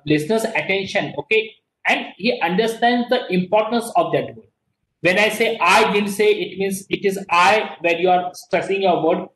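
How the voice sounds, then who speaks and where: High-voiced Indian man lecturing. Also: roomy sound, a little hiss or hum, rough recording. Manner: repetitive, checks in with "okay?", switches between English and Hindi. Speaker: teacher. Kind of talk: classroom lecture.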